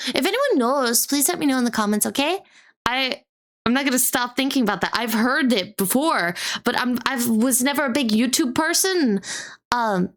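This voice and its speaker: Young female streamer, chatty and giggly, reaction chat, higher voice. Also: fairly bright tone. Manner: chatty, giggly, quick interjections.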